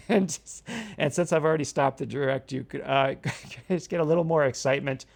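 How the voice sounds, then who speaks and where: A man's voice: a little high, fairly even intonation, moderate pace, creaky. A man co-hosting a podcast in casual chat, giggly and playful as he coaches his co-host's pronunciation. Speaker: podcast co-host.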